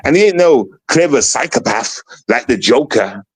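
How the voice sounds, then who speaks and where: Taunting, lively-voiced male streamer. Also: medium pitch, normal speed, a crowd in the background. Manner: taunting, lively, swears a lot. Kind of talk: casual stream chat.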